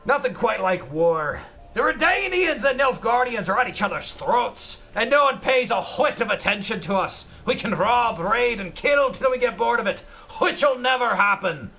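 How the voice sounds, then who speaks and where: A man's voice: extremely high pitch, very animated, normal speed, creaky, bright, forceful tone, soft background music, voice pushed up, exaggerated voice. A man voicing a boastful, greedy male pirate leader in a hammy put-on Irish accent, drawing out his H sounds. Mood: swaggering. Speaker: streamer reading in-game notes aloud.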